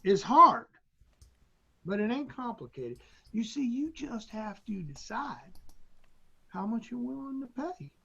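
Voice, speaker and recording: A hard-bitten older drill instructor speaks in a slow Southern drawl, blunt and menacing, as a man puts him on. The voice is gravelly and rolls up and down, every line meant to put the fear of the job into a crowd of recruits. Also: very high-pitched, sing-song, sharp tone, lo-fi sound, voice pushed up, exaggerated voice. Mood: gruff, grim. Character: gruff older male Navy drill instructor.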